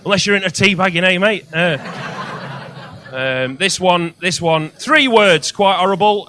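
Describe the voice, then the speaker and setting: A male stand-up comedian telling crude stories, loud and sweary, building to shouts. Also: sits high, moderate pace.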